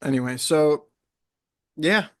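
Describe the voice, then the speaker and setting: A young man in casual podcast chat, an animated storyteller who wanders into tangents. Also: on the high side, slow pace, clear, resonant tone. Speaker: podcast co-host.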